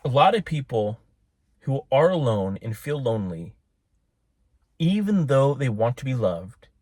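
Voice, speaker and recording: A man's voice: mid-range voice, darkish tone, no echo, studio quality. Rambling man giving a spiritual talk. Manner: rambling, self-interrupting, laughs at own tangents. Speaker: religious video maker. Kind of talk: casual spiritual talk to camera.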